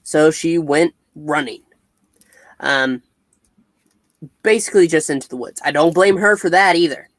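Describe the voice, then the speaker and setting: A man co-hosting a casual comic review chat, recapping the plot in a measured way and correcting details. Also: a little high, a bit bright, no echo.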